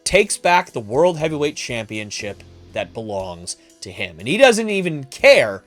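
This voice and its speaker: A man hosting a podcast, narrating a made-up wrestling storyline with animated, emphatic delivery. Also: mid-range voice, measured pace, faint music behind. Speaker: podcast host.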